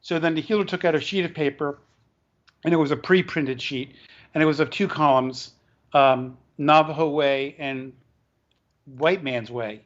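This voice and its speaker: Man, interview guest, storytelling, halting, many restarts, fairly high voice, dull lo-fi sound. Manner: halting, with frequent restarts and repeated words. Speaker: author and educator, interview guest. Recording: dull lo-fi recording.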